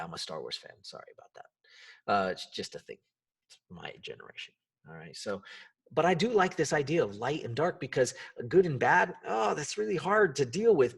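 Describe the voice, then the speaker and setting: A man hosting a solo self-help podcast, talking in an animated way and acting out the quoted voices and reactions. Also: medium pitch, husky, recorded from a distance. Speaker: podcast host.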